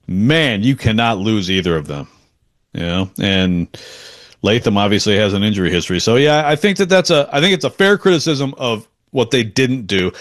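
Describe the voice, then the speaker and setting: A man co-hosting a casual sports talk show, rambling and restarting his sentences, chuckling as he goes. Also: medium pitch. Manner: rambling, self-interrupting, chuckles often. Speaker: sports podcast co-host.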